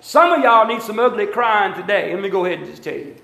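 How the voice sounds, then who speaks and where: High-voiced preacher, echoey church. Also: male voice, animated, fast talker, vocal fry, pushed and bright. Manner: emphatic preaching with repetition and calls to the congregation. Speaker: pastor. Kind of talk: sermon. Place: church sanctuary.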